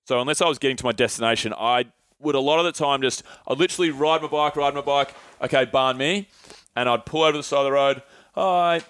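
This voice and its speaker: A man's voice: mid-range voice, fast talker, fairly bright tone, clean tone, no echo. A young man telling travel stories in a casual, laid-back chat, swearing freely and acting out the people he quotes. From Australia. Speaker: podcast guest.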